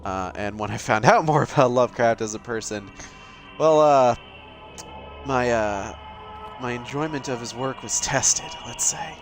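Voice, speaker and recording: A man's voice: mid-range voice, a little slow, faint music behind. A young man giving casual, sarcastic gameplay commentary, joking and swearing as he plays. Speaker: let's play gamer.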